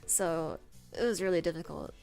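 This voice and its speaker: A woman's voice: lowish voice, normal speed, vocal fry, darkish tone, clear, resonant tone. A young woman chatting on a livestream in a casual, rambling way. She giggles often and pokes fun at herself. Faint music plays behind her voice. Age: young adult. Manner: giggly, self-deprecating, rambling. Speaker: streamer.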